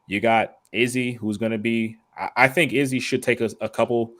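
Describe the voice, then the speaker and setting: A man on a sports podcast explains his take in a measured, explanatory way, with a few fillers along the way. His voice sits at a middle pitch. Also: fairly even intonation, a bit bright. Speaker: podcast co-host. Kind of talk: casual sports podcast analysis.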